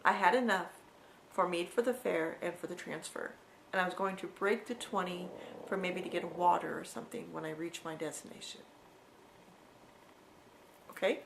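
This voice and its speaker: A woman's voice: fairly low pitch, fairly even intonation, normal speed, gravelly, a little hiss or hum, poor audio. A woman vlogger telling a personal story in a conversational, repetitive way, with frequent asides to the viewer.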